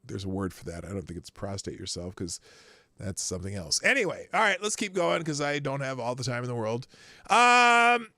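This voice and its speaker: A man hosting a live news commentary stream, reading articles aloud and arguing back at them in a loud, crude, irreverent way. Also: medium pitch, very animated, moderate pace, dry recording.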